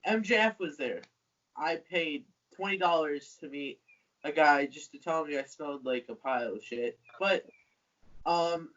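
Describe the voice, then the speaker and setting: A male host asks questions in an easygoing, chatty way, with a hesitant "um" here and there. His voice is a little higher than most men's. The recording sounds somewhat dull and lo-fi. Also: a bit bright. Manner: chatty, with some hesitant fillers. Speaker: interviewer and host. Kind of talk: casual interview.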